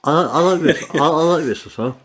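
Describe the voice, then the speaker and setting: A man's voice: a little high, fairly bright tone, husky. A man co-hosting a comedy podcast, chatting casually with stumbling repeats and plenty of swearing. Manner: halting, repeats words, sweary. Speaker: podcast co-host.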